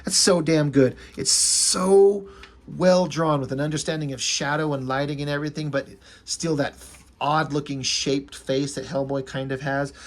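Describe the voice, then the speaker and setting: A man's voice: fairly high pitch, fairly even intonation, normal speed. A man giving a casual, enthusiastic review of a comic book, rambling a little with fillers.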